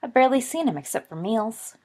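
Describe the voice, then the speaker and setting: A woman's voice: fairly high pitch, sing-song, fairly quick, a little mellow, voice pushed up. A woman voicing a boisterous young wizard who likes to lecture younger boys, in an audiobook. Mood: hearty. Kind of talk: audiobook character voice.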